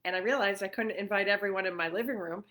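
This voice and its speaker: A middle-aged woman from New York hosts a casual livestream chat from her living room, talking freely in a medium-pitched, fast voice. She's chatty and warm-hearted, laughing often and using many fillers.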